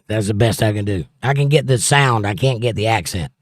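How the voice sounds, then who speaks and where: A man's voice: on the low side, brisk, dry recording, clean studio sound. A man hosting a casual livestream, reading viewer comments aloud and chatting about them. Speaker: livestream host reading chat.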